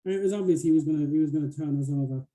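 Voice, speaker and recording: A man's voice: a little high, very fast, warm tone, poor audio. A middle-aged man hosting a podcast, chatting casually and making wry, dry remarks. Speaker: podcast host. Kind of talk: casual chat.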